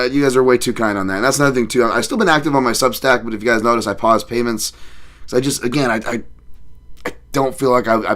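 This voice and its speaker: A man hosting a podcast livestream in a casual chat, rambling and excitable, thanking viewers and swearing often. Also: lowish voice. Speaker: podcast host.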